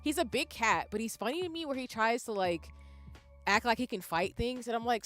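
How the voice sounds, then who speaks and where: A woman's voice: mid-range voice, big pitch swings, fairly quick, fairly bright tone, faint music behind. A woman streamer chatting casually with viewers, rambling and laughing often as she reads the chat aloud. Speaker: live streamer.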